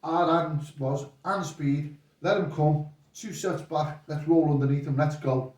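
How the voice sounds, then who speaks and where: A man's voice: fairly high pitch, unhurried, recorded from a distance. An older man, a boxing coach guest, telling rambling stories and acting out the voices of the people in them. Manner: rambling, animated retelling with quoted voices. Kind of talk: casual storytelling chat. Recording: echoey room, voice off-mic.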